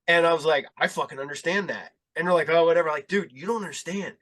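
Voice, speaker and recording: A man hosting a casual podcast, talking bluntly, swearing often and retelling his encounters with animated energy. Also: fairly high pitch, fast, poor audio. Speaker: podcast host.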